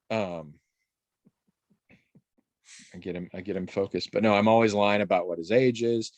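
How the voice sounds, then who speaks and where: An adult man on a podcast in casual chat, telling stories in a rambling, animated way with restarts and the odd swear. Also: on the low side, moderate pace, pauses often, dry recording. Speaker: podcast co-host.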